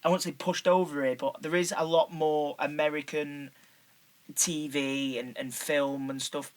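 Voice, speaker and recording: A man's voice: a little high, level tone, a little slow. A man chatting casually, swearing, full of fillers. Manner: swearing, filler-heavy, restarts. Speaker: podcast co-host. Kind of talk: casual chat.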